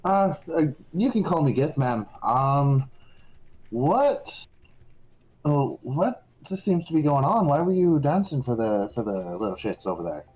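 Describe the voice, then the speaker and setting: A man's voice: a little high, animated, measured pace. Man playing a kindly blunt dragon warrior. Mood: friendly. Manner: gruff folksy address, calls women lass. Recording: dull lo-fi sound with faint music.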